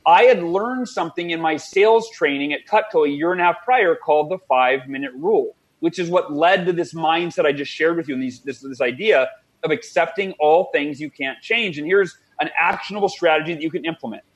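A man in his forties tells a personal story as a podcast guest, moving fast and eagerly. His voice sits a little high for a man. He slips quoted voices into his account as he goes. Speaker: guest author. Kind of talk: storytelling interview.

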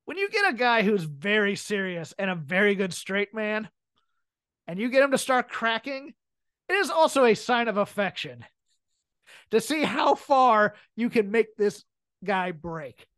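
A woman's voice: mid-range voice, very animated, measured pace, fairly bright tone, dry recording. A woman talks animatedly in a casual chat and breaks into laughter often. Her voice sits mid-range. The sound is dry and close. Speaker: podcast co-host.

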